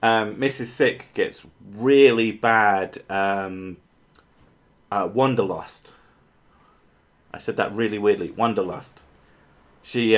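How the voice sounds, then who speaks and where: Low-voiced man rambling through casual stream chat. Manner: rambling, swears casually, many fillers and restarts.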